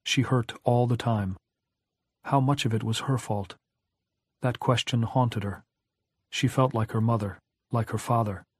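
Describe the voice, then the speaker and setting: A man reading a novel aloud as an audiobook narrator, in a measured, even storytelling manner. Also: medium pitch, slightly rough, no room sound, clean studio sound. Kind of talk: scripted narration.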